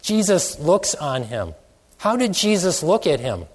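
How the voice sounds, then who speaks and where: A man's voice: sits high, big pitch swings, a little slow, slightly rough. A man preaching a sermon, asking many questions and stretching out phrases for emphasis. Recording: long hall reverb.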